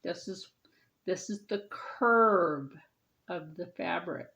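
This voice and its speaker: Slow-talking woman teaching sewing. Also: lowish voice, gravelly, fairly bright tone. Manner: chatty, explains step by step while sewing. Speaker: sewing channel host. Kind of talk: casual sewing tutorial.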